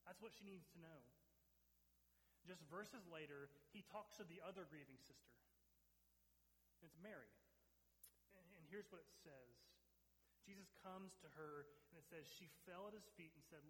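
Male pastor, slightly high voice, earnest emphatic sermon delivery, reverberant hall sound. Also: normal speed, pauses often, a bit bright. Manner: earnest, emphatic preaching with repeated phrases.

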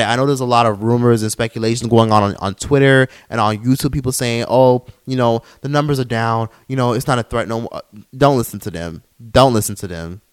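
A man's voice: mid-range voice, smooth. A young man hosting a solo podcast, heated and profane, mocking others in put-on voices. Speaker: podcast host.

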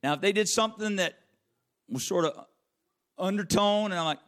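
Emphatic preaching man, fairly high voice. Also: normal speed, a bit bright. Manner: emphatic, repeats phrases, calls on listeners by name. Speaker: pastor. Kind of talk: sermon.

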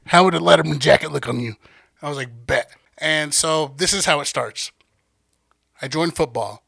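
A young man with a gravelly, bright voice, pitched a little high for a man, tells a rowdy story. He acts out every line of dialogue and laughs as he goes. The sound is dry and close, with no room around it. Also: normal speed, no echo. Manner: animated, acts out quotes, laughs often. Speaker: podcast guest storyteller. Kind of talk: casual profane storytelling.

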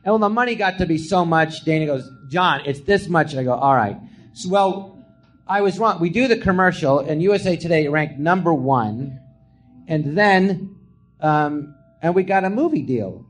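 A middle-aged comedian telling stories from his career in a casual chat, acting out what people said in a hushed voice. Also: a little high, normal speed. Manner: animated storyteller, acts out quotes in a hushed voice. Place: small live podcast theatre.

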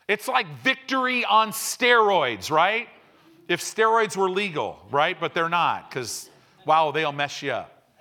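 A middle-aged man preaches a sermon from a church pulpit. His voice is bright and a touch higher than most men's. He moves from quiet, conversational teaching to loud, fervent calls, leading the congregation in call-and-response. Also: expressive, slow. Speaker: pastor.

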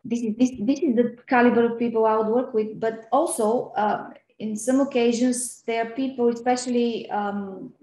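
A middle-aged woman from Eastern Europe speaks as a guest on a podcast, in a warm, mellow voice. She answers earnestly and quickly, filling gaps with ums and repeating words. Her voice carries a roomy echo. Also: fairly high pitch, fairly even intonation. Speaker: podcast guest, banking professional. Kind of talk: interview podcast conversation.

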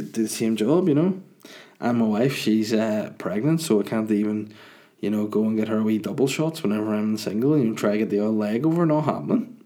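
A man talks in a loose, rambling monologue. He rants and swears freely in a lowish, warm, mellow voice. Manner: chatty, ranting, swears freely.

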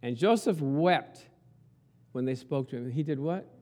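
A pastor speaks unhurriedly in a medium-pitched, darkish male voice. His sermon is chatty and conversational, built around a story with rhetorical questions put to his listeners.

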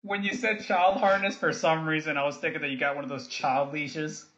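A man's voice: a little high, steady tone, a little fast, a bit bright, a little hiss or hum. A man co-hosting a podcast, adding joking asides in casual chat. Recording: dull lo-fi podcast audio.

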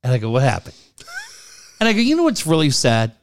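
A man's voice: fairly high pitch, huge pitch swings, fairly quick. A man in his forties telling a long family story in casual chat, laughing often and repeating "I go".

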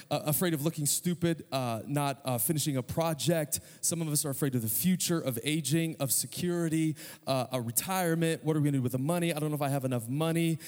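A man preaching a sermon in a church, talking casually with humor, then rising to fervent passages. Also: medium pitch. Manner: conversational preaching with humor, swinging from quiet to fervent. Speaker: pastor. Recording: church hall with long reverb.

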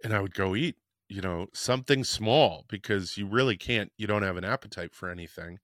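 A man's voice: lowish voice, brisk, fairly bright tone, no echo, clean studio sound. A man hosting a podcast, telling a personal story in a frank, rambling way and swearing casually. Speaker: podcast host.

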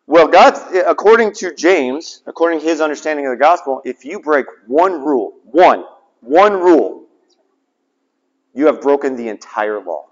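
A man preaches a sermon in a fairly high, expressive voice at normal speed, asking his listeners rhetorical questions and repeating phrases for emphasis. The sound is dull and lo-fi with long reverb.

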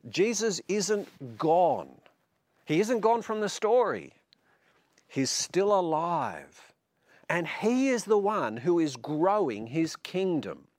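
A man preaching a sermon with animated storytelling and light humour. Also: high-pitched, slow, no echo, studio quality.

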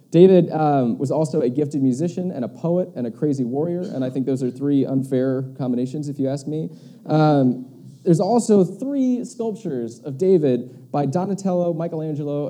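A man preaches in a relaxed, talky way, full of little asides and "like" fillers. His voice is deeply dark and mellow, sitting at an ordinary middle pitch. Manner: loose and chatty, many "like" fillers and asides. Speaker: pastor. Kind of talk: casual conversational sermon.

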